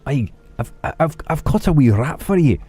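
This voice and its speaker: A cheeky house cat with a thick Scottish brogue, as a man puts him on. He chirps along in a high, bouncy sing-song. Faint music plays behind. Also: very animated, normal speed, warm tone. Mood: proud.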